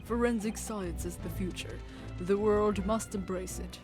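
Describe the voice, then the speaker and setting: A woman's voice: medium pitch, steady tone, unhurried, music in the background, natural voice. A woman voicing a stern, self-important male Lord Chief Justice as she reads game dialogue aloud, formal and dismissive.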